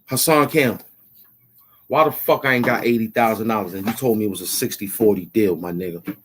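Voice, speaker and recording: A man's voice: on the low side, fairly quick, a bit bright, slight background noise. A man hosting his own channel, taunting and repeating himself as he demands money he says he is owed. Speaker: YouTube show host. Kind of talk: confrontational rant to camera.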